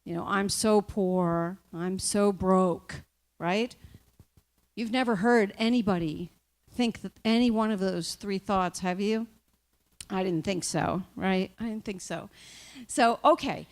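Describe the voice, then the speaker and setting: Woman minister, spiritual talk to a group, unhurried, chatty, keeps asking the room questions. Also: mid-range voice. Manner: conversational, often checks in with the listeners by asking "right?".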